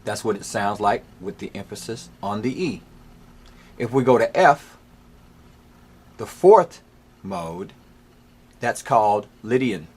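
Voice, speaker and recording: A man's voice: lowish voice, animated, slow pace, long pauses, a little mellow, husky. A man teaching a music lesson, patiently explaining scales step by step. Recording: faint piano playing behind.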